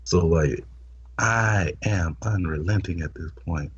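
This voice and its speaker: A man's voice: deep voice, slow pace, slightly rough, dull audio. A man hosting a podcast, telling a blunt, explicit story in casual talk and stammering over repeated words. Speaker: podcast host.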